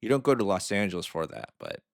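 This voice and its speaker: A man with a low voice talks through a video he is reacting to. His delivery is loose and conversational, and he often tags his points with a quick "right?". The sound is dry and close. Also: huge pitch swings, vocal fry, dry recording. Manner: chatty, asks "right?" often, frank opinions. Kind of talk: casual commentary on a video.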